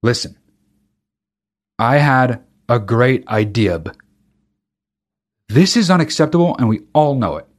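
A man's voice: mid-range voice, lively intonation, unhurried, long pauses. A man hosting a podcast, talking alone in a casual monologue, ranting with emphatic profanity and frequent restarts. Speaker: podcast host.

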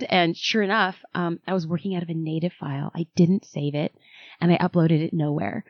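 A woman guest on an interview podcast, telling her story in a dramatic, animated way. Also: on the low side, a little fast, no room sound, dull audio. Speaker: author and guest.

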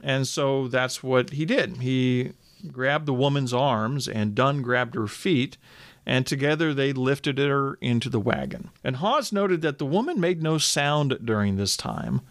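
A male podcast host retells an old local crime in a relaxed, conversational way, with casual asides and the odd "um." His voice sits at a middle pitch. The recording is dry and close, with no room echo. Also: a little slow. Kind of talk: conversational history storytelling.

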